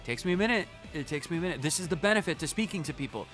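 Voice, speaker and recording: A male streamer talks over his gameplay in an animated, joking manner, often tripping over his words. His voice is bright and forward, with lively swings in pitch. Faint game music plays behind him. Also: racing. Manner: animated, joking, stammering restarts. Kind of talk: casual gaming commentary.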